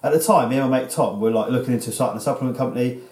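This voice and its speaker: English man, thirties, sweary rambling podcast host, echoey room, average pitch. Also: racing, a little mellow. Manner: swearing, rambling storyteller with restarts. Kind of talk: casual podcast chat.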